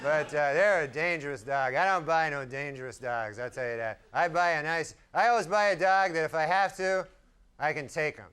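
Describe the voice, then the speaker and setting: A man doing a stand-up routine in a deadpan, rambling way, chuckling at his own jokes. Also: a little high, moderate pace. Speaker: stand-up comedian. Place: comedy stage with a live audience. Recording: live stage recording with loud crowd and noise.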